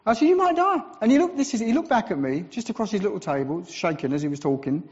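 English man, visiting preacher, animated sermon storytelling, wry asides, fairly high voice, long hall reverb. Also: quick pace. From England. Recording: dull recording with long church reverb.

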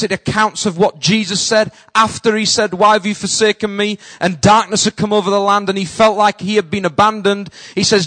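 Male pastor, high voice, sermon delivery swinging from hushed to loud, dry close mic. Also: no echo, rough recording. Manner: preaching with sudden drops to a hush and bursts of loud calls.

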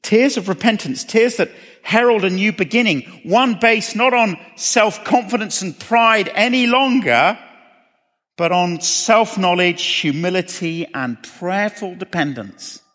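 A man's voice: sits high, measured pace, fairly bright tone. A man preaching a sermon, earnestly asking questions and repeating phrases for emphasis. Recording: long reverb of a hall.

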